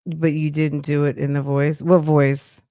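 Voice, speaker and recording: A woman's voice: low voice, little pitch movement, unhurried, warm tone, dry recording, clean studio sound. A woman hosting a casual livestream podcast, talking back at critics with sassy, emphatic rhetorical questions and thanking her chat. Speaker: podcast host.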